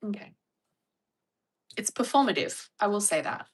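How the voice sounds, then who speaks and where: A woman's voice: mid-range voice, animated, normal speed, husky. A young Australian woman chatting casually on a livestream with a wry, chatty manner. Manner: chatty, wry, mock-dramatic impressions.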